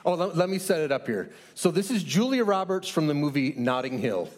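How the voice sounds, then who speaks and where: A pastor with a somewhat high voice speaks on a church stage through a handheld microphone. He is chatty and upbeat, laughing easily as he leads the congregation in a light game. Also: sing-song, fairly quick. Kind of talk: sermon opening with audience game.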